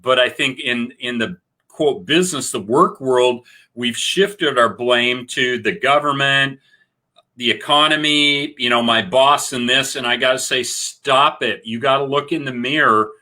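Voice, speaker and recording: A man's voice: mid-range voice, unhurried. A man co-hosting a talk show, bluntly urging listeners to take action. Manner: forceful, exhorting, blunt. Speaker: co-host. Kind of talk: casual talk show discussion.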